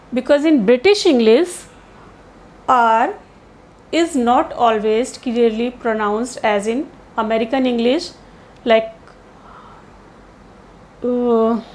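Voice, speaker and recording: Slow, careful woman teaching pronunciation. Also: fairly high pitch. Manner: slow, deliberate, spells out sounds with pauses and fillers. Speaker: English teacher. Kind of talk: pronunciation lesson.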